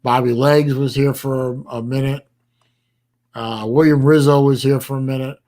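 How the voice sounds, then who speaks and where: A man hosting a casual livestream chat, talking in a rambling, halting way with bursts of dry sarcasm. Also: medium pitch, fairly even intonation, mellow. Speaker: livestream host.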